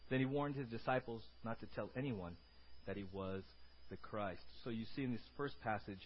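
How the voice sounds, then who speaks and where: A male pastor giving an animated sermon, with sudden shouts and calls for the congregation to answer. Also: fairly low pitch, normal speed, muffled recording, a little hiss or hum.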